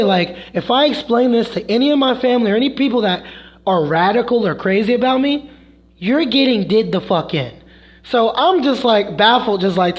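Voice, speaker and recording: A man with a notably high-pitched voice rants to his stream in a frustrated, heated way. He swears constantly and retells an argument by slipping into quoted voices for himself and others. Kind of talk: heated storytelling rant.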